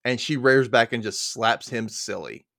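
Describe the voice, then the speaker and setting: A man's voice: medium pitch, unhurried, gravelly, pushed and bright, dry recording, studio quality. A man co-hosting a podcast, casually recapping a story and acting out its quoted lines. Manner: chatty, retells scenes with quoted lines. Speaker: podcast co-host.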